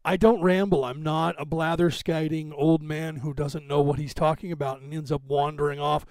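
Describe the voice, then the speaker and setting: A man's voice: fairly high pitch, fairly even intonation, fairly quick, gravelly, a little mellow, no room sound. A man hosting a podcast, talking in a digressive, self-assured casual monologue full of asides and tangents. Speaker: podcast host.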